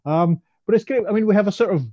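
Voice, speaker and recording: A man's voice: high voice, quick pace, no room sound, highs cut off. A man co-hosting a podcast, chatting casually with frequent laughs and restarts. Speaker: podcast co-host. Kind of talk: casual chat.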